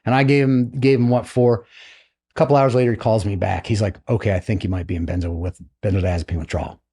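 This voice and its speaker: A man's voice: lowish voice, fast, breathy edge. A middle-aged American man, a retired naval flight officer, telling his story casually as a podcast guest and acting out the voices of people in it. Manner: animated storyteller, acts out quoted voices.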